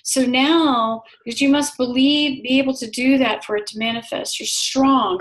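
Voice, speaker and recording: A woman healer leading a guided healing session, speaking slowly and soothingly, repeating phrases. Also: high voice, fairly bright tone, low-quality recording. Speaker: energy healer.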